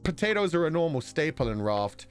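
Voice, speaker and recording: A man's voice: fairly high pitch, big pitch swings, a little fast, faint music behind. A man with a Belfast accent streaming a casual chat, rambling and laughing often as he talks. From Northern Ireland.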